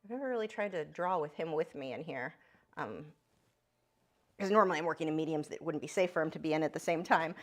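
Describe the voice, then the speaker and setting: An art instructor leads a chatty live drawing lesson, talking fast and expressively. Every so often she pauses to speak to her pet bird in a high, squeaky voice.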